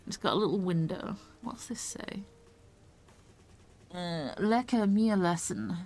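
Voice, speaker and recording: A woman's voice: on the low side, expressive, slow, darkish tone. A woman streamer chatting and swearing casually as she plays a video game live. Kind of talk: live gameplay commentary.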